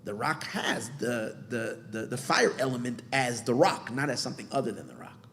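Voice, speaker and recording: A man's voice: mid-range voice, big pitch swings, moderate pace, a bit bright, a little hiss or hum. A man, a rabbi, teaching a Torah class in an earnest explaining manner, often restarting his phrases and mixing in Hebrew terms. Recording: long hall reverb.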